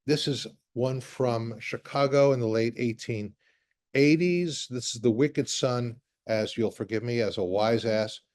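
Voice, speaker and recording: A man, a rabbi, lecturing to a class as he walks through slides. His voice sits at a medium pitch, and he keeps a conversational tone with dry, joking asides. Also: measured pace, darkish tone.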